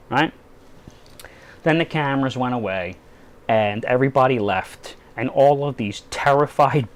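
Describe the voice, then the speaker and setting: A man's voice: mid-range voice, a little mellow. A man giving crude, satirical political commentary in a rambling way, asking "right?" again and again. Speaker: political blogger.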